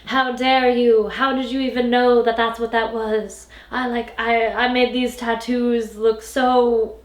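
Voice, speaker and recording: A woman's voice: on the high side, little pitch movement, unhurried, pitched above the performer's own voice, close to an everyday voice. A woman voicing a smitten male mafia boss in a melodramatic, exasperated way while retelling a book. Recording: roomy echo.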